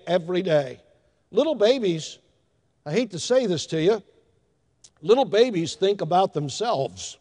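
An older man preaching a sermon in a church, telling folksy stories with emphatic shifts in loudness. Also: high-pitched. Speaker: pastor. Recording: long hall reverb.

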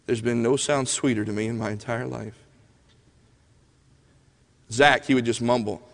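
Guy preaching a sermon, earnest storyteller, mid pitch, long echo like a big church hall. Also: steady tone, normal speed, creaky. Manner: earnest, storytelling, soft pleading prayer passages.

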